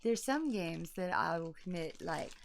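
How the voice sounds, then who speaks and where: A woman's voice: fairly low pitch, lively intonation, a little slow, creaky. A woman in her fifties hosting a casual board game unboxing, joking bawdily and laughing often. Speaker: host.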